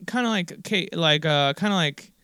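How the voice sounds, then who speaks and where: Chatty guy in his 40s, full of likes and fillers, crisp clean voice, dead dry sound. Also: fairly high pitch, moderate pace, pushed and bright, dry recording. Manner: rambling, many likes and fillers, swears casually. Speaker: guest musician. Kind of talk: casual interview storytelling.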